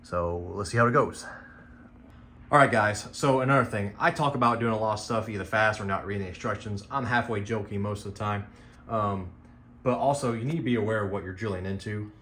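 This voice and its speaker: A man's voice: fairly low pitch, brisk, fairly bright tone, a little hiss or hum. A man talking viewers through a motorcycle parts install in a loose, rambling, self-deprecating way, as a casual how-to vlogger in a garage.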